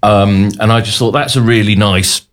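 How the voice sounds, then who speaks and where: A man in his forties chatting casually, hesitant, with many ums and pauses. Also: fairly low pitch, fairly even intonation, a bit bright. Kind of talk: casual chat.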